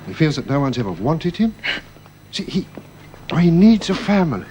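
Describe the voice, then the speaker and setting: An actor playing a gentle, anxious middle-aged father who soothes with hesitant restarts in a radio drama. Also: on the high side, big pitch swings, moderate pace, a little hiss or hum. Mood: soothing.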